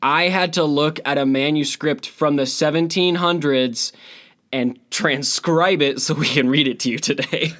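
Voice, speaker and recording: A man hosting a podcast in casual chat, lisping from his braces, scattered and quick to laugh. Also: fairly high pitch, fairly bright tone. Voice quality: lisp from braces. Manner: giggly, scattered, laughs often. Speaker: podcast host.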